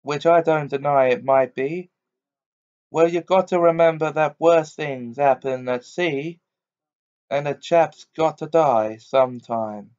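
A man reading aloud voices a kind, steady cabman with a firm, hearty way of talking. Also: a little high, a little slow, close to an everyday voice. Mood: steady reassuring. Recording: dull lo-fi recording.

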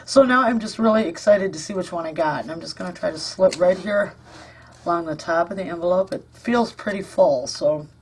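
A woman's voice: on the low side, a little fast. A woman hosting a casual craft vlog at home, gushing and chatty with lots of ums and uhs. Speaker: crafting channel host.

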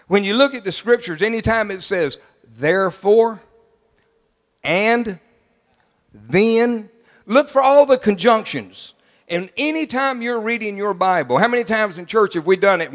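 An older man preaches in a high voice, driving his points home. He drops to quiet asides, then rises to loud declarations. A long reverb trails his words through the sanctuary. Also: expressive, measured pace. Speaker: pastor. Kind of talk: sermon. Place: large church sanctuary. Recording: long church hall reverb.

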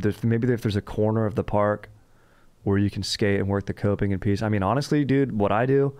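A man's voice: on the low side, darkish tone, clean tone, dry recording. A man hosting a comedy podcast, rambling and joking in laid-back skater slang. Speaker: podcast host.

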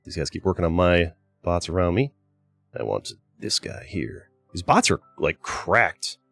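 A man's voice: low-pitched, big pitch swings, a little slow, creaky, fairly bright tone, breathy edge, no room sound, faint music behind. A man hosting a gaming channel, giving casual gameplay commentary in a chatty way, with exasperated outbursts at his teammates. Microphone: desk microphone.

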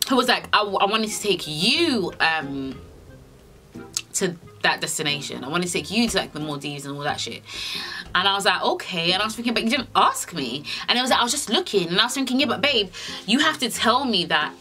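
A young woman tells a storytime in an animated, sassy way, and her pitch swings widely as she acts out both sides of the conversation. Her tone is bright and forward. Faint music plays under her voice. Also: brisk. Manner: animated and sassy, heavy swearing, acts out dialogue. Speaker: vlogger. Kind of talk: storytime vlog.

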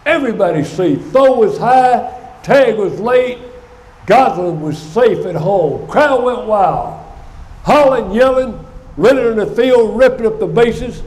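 An older man preaching a sermon in a church, telling a story with animated energy. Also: high-pitched, a little slow. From United States. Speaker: guest speaker. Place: church sanctuary. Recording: echoey church sanctuary.

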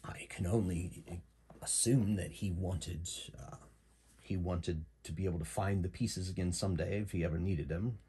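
Prim bespectacled patron lady, as a man puts her on, composed, soft-spoken, measured, low husky tone. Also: heavily acted.

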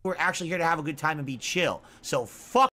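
A man's voice: fairly high pitch, fairly quick, pushed and bright. A man in his forties, a gaming streamer, ranting defensively and scolding his audience on his podcast stream. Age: 40s.

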